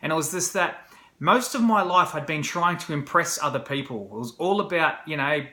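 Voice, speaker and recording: A man shares his story in a casual, rambling vlog, full of fillers and restarts. His voice is bright and forward. The room around him rings with a noticeable echo. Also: on the high side, moderate pace. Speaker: vlogger. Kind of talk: candid personal storytelling to camera. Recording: roomy echo.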